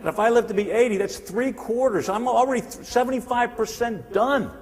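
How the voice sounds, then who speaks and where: A man's voice: extremely high pitch, brisk, background noise. A man in his sixties giving a live sales seminar in a punchy, repetitive style, teasing the audience. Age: 60s. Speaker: sales trainer and motivational speaker. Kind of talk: live motivational seminar talk. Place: large hall with a live audience. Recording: long hall reverb.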